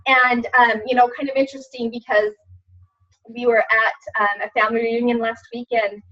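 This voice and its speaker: In a webinar, a thirties woman who works as a fitness coach chats casually in a testimonial style, full of fillers and restarts, sometimes tearful. Her voice is a little high, bright and forceful, with flat delivery at normal speed. The recording is distant, dull, lo-fi webinar audio.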